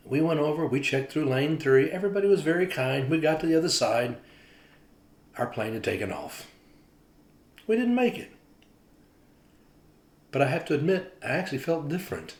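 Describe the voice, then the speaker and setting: A pastor tells a morning devotional as a story, his voice a medium pitch for a man. He is animated and acts out the people in his tale. The room around him is echoey. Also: normal speed.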